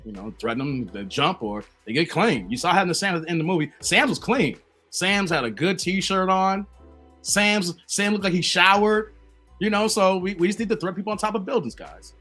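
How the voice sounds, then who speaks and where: A playful man hosts a casual live stream. His voice sits high and bright, and he laughs often between the comments he reads out. Faint music plays behind him. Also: expressive, moderate pace. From Chicago.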